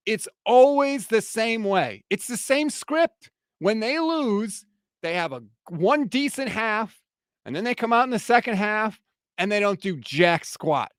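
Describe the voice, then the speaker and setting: High-voiced, fired-up male sports host. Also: a bit bright, no room sound, clean studio sound. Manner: fired-up, heated ranting. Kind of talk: post-game reaction rant.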